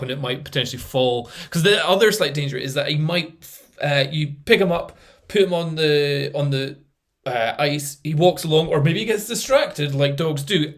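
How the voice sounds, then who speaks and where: A man casually commenting on a video, chatty and laughing now and then, with lots of fillers. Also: on the high side. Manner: chatty, laughs at what he sees, trails off with fillers.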